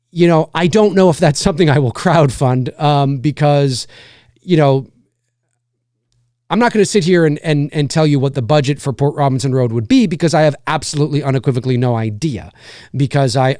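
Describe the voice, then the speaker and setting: Smooth-voiced man chatting casually. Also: mid-range voice, a little mellow, dry recording, studio quality. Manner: conversational, rambling and self-correcting. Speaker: livestream host and indie filmmaker. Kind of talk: casual live chat answering viewers.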